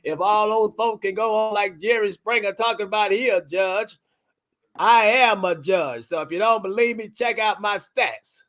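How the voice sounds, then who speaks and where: A man's voice: sits high, normal speed, fairly bright tone. A man, a guest joking and bragging in casual banter. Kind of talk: casual comedic chat.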